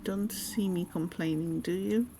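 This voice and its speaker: A woman's voice: lowish voice, unhurried, dark tone, a little hiss or hum, rough recording. A woman reading aloud the lines of a grumpy injured patient who complains and accuses others of faking. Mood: indignant.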